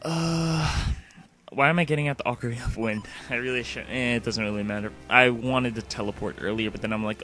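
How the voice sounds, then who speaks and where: A man casually narrating his video game play, rambling from one thing to the next and leaning on "like" as a filler. His voice sits at a middling pitch, and faint music plays behind him. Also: fairly even intonation, a little fast, sharp tone. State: sleepy. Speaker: let's play host. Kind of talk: casual gameplay commentary.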